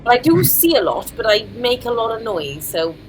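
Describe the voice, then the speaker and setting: A woman's voice: a little high, very animated, normal speed, rough recording. A woman, playing a tabletop game over chat in a chatty, self-mocking way and laughing often. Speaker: player. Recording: clear background noise.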